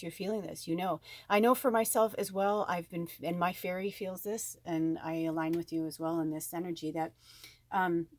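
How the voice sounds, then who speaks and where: A woman's voice: fairly low pitch, no room sound. Chatty, encouraging woman reading cards. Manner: chatty, rambling, with frequent ums and laughs; loving, encouraging toward viewers. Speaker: spiritual medium doing a card reading. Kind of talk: casual channeled card reading.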